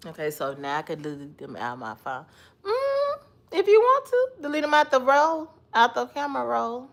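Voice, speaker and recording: Woman streamer, sleepy chatty delivery with frequent laughs, animated pitch. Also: normal speed. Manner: laughs often, chatty, talks to someone off-mic. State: sleepy, yawning. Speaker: livestream host. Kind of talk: casual chat.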